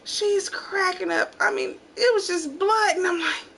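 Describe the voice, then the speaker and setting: A middle-aged woman hosting a home channel, telling family stories in casual chat and acting out the quotes loudly. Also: extremely high pitch, moderate pace, creaky, a little hiss or hum. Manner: animated storyteller, acts out quotes loudly. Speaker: channel host.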